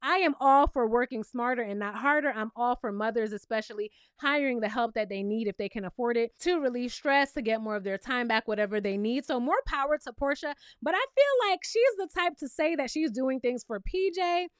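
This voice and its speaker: Brooklyn woman with a New York accent, high-pitched and sassy, chatty reality-show recapper recorded dry and close. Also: lively intonation, brisk, few pauses, clear, resonant tone, dry recording. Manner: sassy, chatty, often asks the viewer "okay?".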